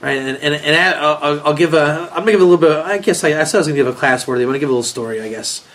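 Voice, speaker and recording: A man's voice: fairly high pitch, racing, a bit bright. A man with a South African accent, a rabbi telling a rambling story in a casual class, chuckling and restarting his sentences.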